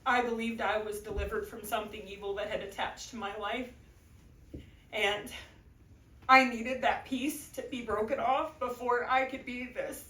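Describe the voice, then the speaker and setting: High-voiced woman giving a testimony. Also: steady tone, normal speed, a bit bright, a little hiss or hum. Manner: earnest, tearful at times, laughing between phrases. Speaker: church member giving a testimony. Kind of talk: emotional personal testimony. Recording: echoey room, voice from a distance.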